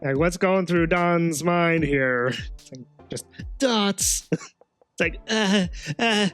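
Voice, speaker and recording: A man talks through a video game in casual, unhurried commentary, his voice sitting a little high. He chuckles often and stalls on fillers as he reacts. Soft game music plays faintly underneath. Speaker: let's play host.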